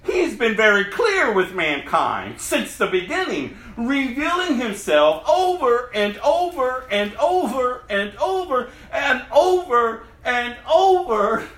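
Impassioned preacher man, lively pitch. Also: echoey room, low-quality recording. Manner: impassioned, laughing between lines. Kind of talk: sermon with scripture reading.

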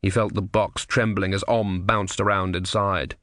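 A man reading an audiobook in measured, dry storytelling narration. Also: sits low, little pitch movement, a bit bright, dry recording. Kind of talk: scripted narration.

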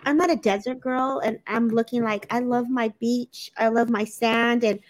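A woman's voice: fairly high pitch, steady tone, moderate pace. Gushing woman hosting a psychic chat. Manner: effusive, gushing, emotional. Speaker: psychic medium, live-stream host. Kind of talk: casual live-stream chat.

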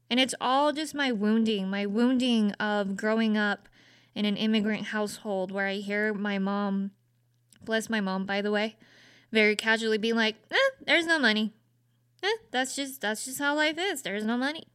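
A woman's voice: mid-range voice, fairly bright tone, clear, resonant tone, dry recording, studio quality. A young woman hosting a podcast, talking through her thoughts in an earnest, self-searching way with lots of casual fillers. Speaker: podcast host. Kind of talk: casual reflective monologue.

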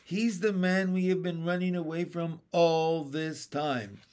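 A man's voice: fairly high pitch, fairly even intonation, a little slow, darkish tone, lightly acted. A man reading aloud, voicing an earnest, eager teenage boy in a storybook.

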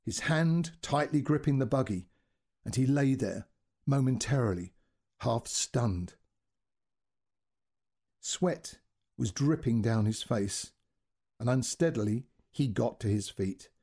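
A male storyteller reading a short story with dramatic, expressive delivery. His husky, mellow voice rises and falls in a lively way. He sounds like a podcast story reading. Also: medium pitch, takes it slowly, long pauses.

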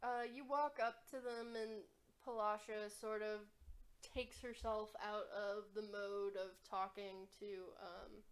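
A woman narrating as game master in a tabletop game, relaxed and hesitant with many fillers. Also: mid-range voice, slow pace.

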